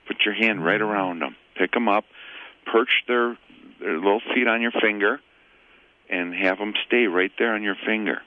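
A man who owns a pet store, a guest on a radio call-in show, giving relaxed, plain-spoken advice with many fillers. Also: fairly low pitch, normal speed, dry recording, narrow, tinny audio.

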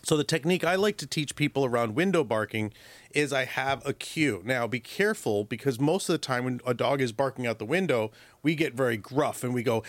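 Dog trainer guy on call-in radio, lively, does little voices for the dog, dry studio sound. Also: mid-range voice, quick pace, no room sound. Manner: animated, acts out dog and owner voices.

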